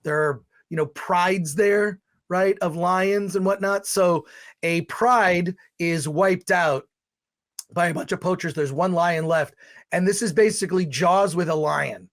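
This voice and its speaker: High-voiced man ranting a movie review. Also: measured pace. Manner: rambling, exasperated, with restarts and loud outbursts. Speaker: film reviewer, live stream host. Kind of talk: casual spoken movie review.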